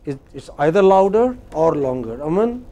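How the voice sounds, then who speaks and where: Male Indian English lecturer, mellow and slightly high, slow and emphatic, dry close sound. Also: big pitch swings. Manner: slow, emphatic, quizzing students. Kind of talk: classroom lecture. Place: university classroom.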